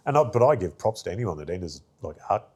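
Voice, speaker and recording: A man's voice: deep voice, big pitch swings, fast talker, a little mellow, slightly rough. A man, an artist guest, telling stories in a rambling casual way with lots of fillers. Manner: rambling, many fillers, acts out quoted voices. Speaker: artist and arts worker, guest. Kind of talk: casual interview storytelling.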